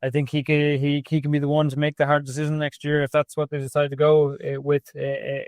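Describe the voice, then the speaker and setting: A podcast co-host gives casual sports analysis in a flat-toned, somewhat high voice. His delivery is halting, with many fillers and restarts, recorded with clean studio sound and no echo.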